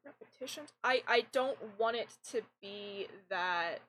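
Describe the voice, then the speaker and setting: A young woman streams a game and chats casually with viewers into a desk mic, rambling along and often restarting her sentences. Her voice sits on the high side but sounds fairly androgynous, animated yet measured in pace, and the recording is rough.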